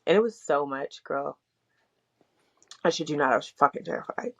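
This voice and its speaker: On dull lo-fi audio, a young woman podcast co-host talks at a moderate pace in a low, husky, creaky voice. She chats openly and loosely, saying "like" a lot and cursing without hesitation.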